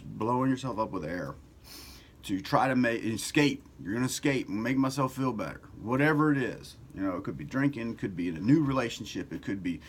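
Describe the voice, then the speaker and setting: A middle-aged man hosting a casual self-help talk, loose and conversational, who swears now and then and grows louder and more animated as he goes. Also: medium pitch, brisk, husky. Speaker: self-help author and video host. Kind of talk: casual motivational talk to camera.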